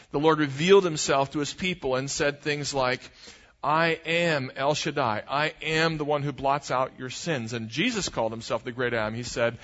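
Preaching man in a reverberant church. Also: muffled recording. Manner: lively preaching, rising for emphasis and dropping low and slow on key points. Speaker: pastor. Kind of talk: sermon.

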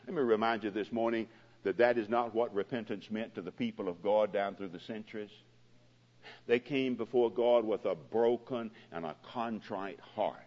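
Man, pastor, sermon, dramatic rises and falls, dull lo-fi sound, long hall echo. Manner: dramatic swells and drops in pitch and loudness.

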